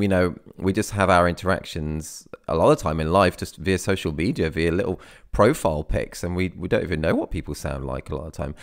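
A man's voice: fairly low pitch, smooth. A man hosting a podcast, chatting casually and enthusiastically. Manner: enthusiastic, laughs often. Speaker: podcast host.

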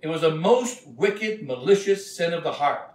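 A man preaching a sermon as a bishop, retelling scripture in a slow, emphatic storytelling way. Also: fairly high pitch, lively intonation, a little mellow. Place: church. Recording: echoey church from a distant mic.

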